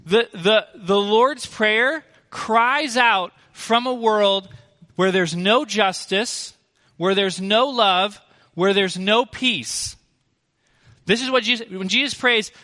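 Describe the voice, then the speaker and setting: A man's voice: sits high, slow pace, sharp tone, long reverb tail. A man preaching a sermon as pastor, earnest and emphatic, asking rhetorical questions.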